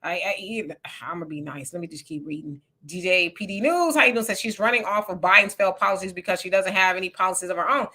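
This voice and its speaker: Sassy chatty woman, bright voice. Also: lowish voice, quick pace, hardly any pauses. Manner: chatty, reads comments aloud, sassy asides. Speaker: livestream co-host reading viewer comments. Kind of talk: casual livestream chat.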